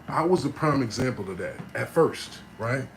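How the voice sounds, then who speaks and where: A man casually telling his life story, often checking in with the listener, growing animated when he acts out other people. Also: medium pitch, normal speed, roomy sound, a little hiss or hum, poor audio. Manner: conversational, frequent "you know what I'm saying", animated when quoting others. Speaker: vlogger.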